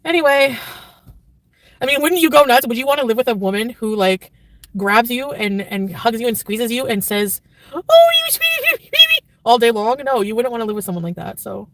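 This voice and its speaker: A woman's voice: a little high, a little fast, no echo, distant mic. A woman livestreamer chatting casually and reading her chat, rambling with constant filler words and turning blunt and profane. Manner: blunt and profane when annoyed.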